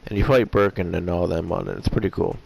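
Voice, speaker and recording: A man giving rambling, hesitant commentary on a game he plays, often clearing his throat as his voice gets rough. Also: sits low, fairly even intonation, quick pace, darkish tone. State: voice getting rough. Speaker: gameplay commentator. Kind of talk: casual let's-play commentary.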